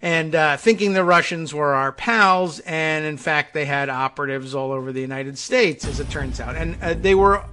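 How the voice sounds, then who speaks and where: A man hosting a political talk show, riffing in a sardonic, digressive way with lots of asides and filler words. His voice sits a little high and sounds bright and forceful. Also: moderate pace, few pauses. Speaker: podcast host. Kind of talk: rambling political commentary.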